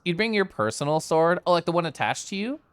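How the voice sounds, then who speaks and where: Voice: mid-range voice, very animated, fast, clean tone, no room sound. A streamer casually chatting with viewers while playing a game, giggly and playful. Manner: giggly, playful, talking to chat. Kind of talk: casual live-stream gameplay chat. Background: faint game music.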